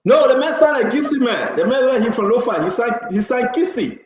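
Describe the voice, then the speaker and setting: Liberian man co-host, very high voice, emphatic, roomy muffled sound. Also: lively intonation, fairly quick. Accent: Liberian English. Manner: emphatic, laughing, rhetorical questions. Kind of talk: casual radio talk show banter.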